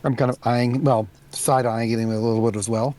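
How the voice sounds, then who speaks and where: A man's voice: mid-range voice, fairly even intonation, brisk, dark tone. A man playing a tabletop role-playing game, describing what his character does. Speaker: player.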